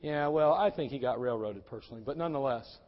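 A man preaching a sermon, moving between loud, urgent exhortation and quiet pleading. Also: mid-range voice, quick pace, in a large hall, highs cut off.

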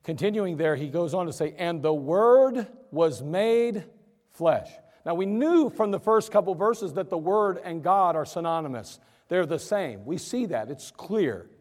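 A man's voice: high voice, in a large hall. A male pastor preaching a sermon in an emphatic, conversational way, acting out his listeners' objections. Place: church.

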